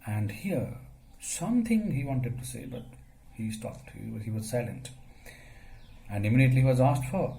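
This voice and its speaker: A man, teaching a story as a lecture. He asks questions and answers them himself, using many fillers, and his voice gets suddenly louder at times. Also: mid-range voice, animated, normal speed, vocal fry, long pauses, a little hiss or hum, low-quality recording.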